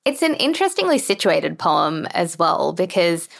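A woman's voice: on the low side, very animated, moderate pace, gravelly. A woman hosting an interview, asking thoughtful, loosely phrased questions. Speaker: interview host. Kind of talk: conversational interview.

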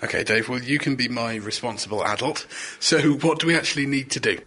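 A man's voice: medium pitch, quick pace, sharp tone. A man presenting a kitchen science segment, upbeat and asking his co-presenter questions.

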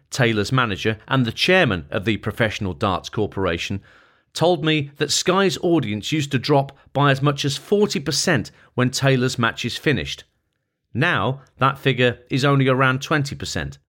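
A man narrating a long-form feature article as scripted narration, in a measured, even reading voice. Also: medium pitch.

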